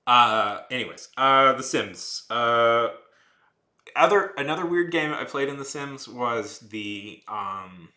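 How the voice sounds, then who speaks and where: Streamer man, 30s, rambling and ranty, sharp bright tone, echoey room. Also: medium pitch, lively intonation, slow pace. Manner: rambling, heavy use of "like", restarts and trails off; heated, ranting. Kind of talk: casual rambling chat while drawing.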